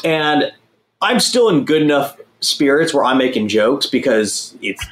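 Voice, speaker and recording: Young guy, casual profane storyteller, mid pitch, echoey room. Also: sing-song, a little slow, fairly bright tone. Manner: profane, rambling, self-mocking. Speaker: guest telling a story.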